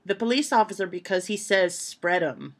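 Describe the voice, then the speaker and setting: Vlogging from home, a woman reads joke lists aloud to her camera and bursts into loud laughter at the punchlines. Her mid-range voice has lively intonation and a moderate pace.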